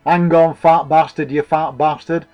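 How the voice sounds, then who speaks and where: A man's voice: fairly high pitch, flat delivery, measured pace, lo-fi sound, faint music behind, natural voice. A man doing a blunt sweary lad. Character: blunt young northern lad, rough-talking.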